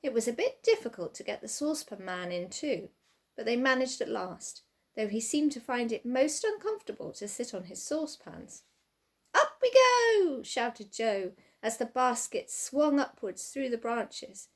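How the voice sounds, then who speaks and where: A woman reading a children's storybook aloud with expressive, sing-song narration. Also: fairly high pitch, normal speed.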